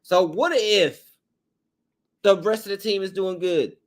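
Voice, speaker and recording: Hoarse high-voiced man ranting. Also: takes it slowly. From Tennessee, USA. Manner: blunt, frustrated, repetitive. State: slightly hoarse. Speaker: sports podcast host. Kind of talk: fan rant.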